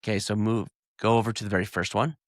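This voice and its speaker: A man's voice: on the low side, little pitch movement, fast, no room sound, studio quality. A man co-hosting a podcast in laid-back casual chat, retelling clips. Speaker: podcast co-host.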